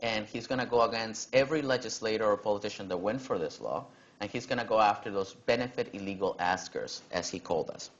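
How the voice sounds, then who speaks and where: A man's voice: fairly low pitch, quick pace. Casual-talking young man, muffled audio. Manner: casual, animated when quoting others, frequent "you know". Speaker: keynote speaker. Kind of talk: personal storytelling talk.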